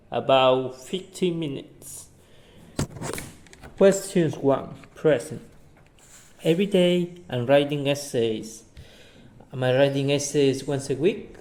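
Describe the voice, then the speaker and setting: Guy practicing english out loud, slow and careful, kinda dark voice. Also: on the high side. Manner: slow and halting, restarts phrases. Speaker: English learner. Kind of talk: answering practice questions and reading aloud.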